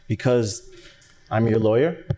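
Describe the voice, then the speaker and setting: An actor playing a defense lawyer who questions his client in a calm, coaxing way. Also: on the low side, measured pace, close to an everyday voice. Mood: probing. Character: patient, insistent defense lawyer. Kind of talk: stage play acting.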